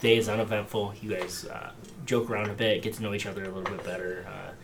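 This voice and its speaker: A man's voice: fairly low pitch, little pitch movement, fast talker, gravelly, very noisy. A man narrating as game master of a tabletop game in a laid-back way. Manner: laid-back, laughs often.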